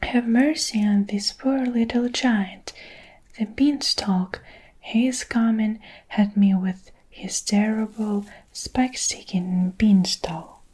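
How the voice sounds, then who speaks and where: A woman's voice: mid-range voice, fairly even intonation, takes it slowly, a little mellow, slightly rough. A woman voicing a huge, terrified male giant in a whispered role-play, pleading and shrieking under her breath.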